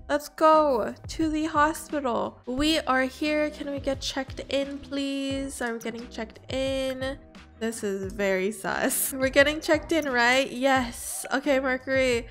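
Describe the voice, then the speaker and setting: High voiced girl narrating her sims game, unhurried, gasps n squeals a lot, faint game music behind. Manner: chatty, gasps and squeals at exciting moments. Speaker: gaming channel host. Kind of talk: let's play commentary with face cam.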